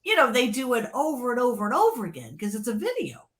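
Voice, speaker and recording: A woman who was once a record label creative executive speaks fast, her voice on the high side, as she tells animated stories in a podcast interview. She's excited, laughs often, keeps restarting and repeating words, and alternates between hushed and loud.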